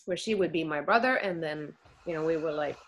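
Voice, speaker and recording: Earnest woman speaking haltingly about grief. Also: low-pitched. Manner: halting, searching for words, then earnest and reassuring. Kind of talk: candid conversation about grief.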